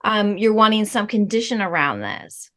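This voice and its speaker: A middle-aged spiritual healing guide answers interview questions slowly and earnestly, measuring her words and dropping in soft fillers. Her mid-range voice swings widely in pitch.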